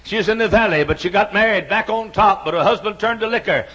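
Man, 60s, preacher, high voice, husky, repetitive rhythmic sermon, dull lo-fi recording. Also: fast talker. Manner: rhythmic repetition, rising to shouts. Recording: dull lo-fi sound.

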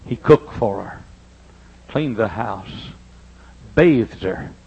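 An older man preaching a sermon in church, telling personal stories and swinging between loud emphasis and hushed asides. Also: lowish voice, animated, slow, gravelly, slightly rough, highs cut off. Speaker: pastor. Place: church sanctuary.

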